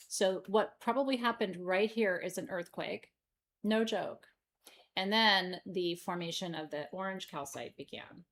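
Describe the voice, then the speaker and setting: A middle-aged woman hosting a live stream sale, joking and laughing as she shows off stones. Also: medium pitch. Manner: playful, giggly, jokey. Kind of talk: live-stream sales chat.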